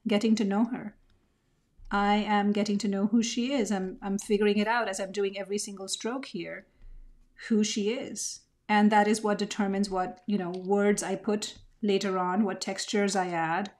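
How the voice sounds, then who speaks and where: A woman's voice: mid-range voice, a little mellow. A woman teaching a mixed media art lesson, talking reflectively as she draws and often searching for her words. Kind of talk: craft tutorial narration.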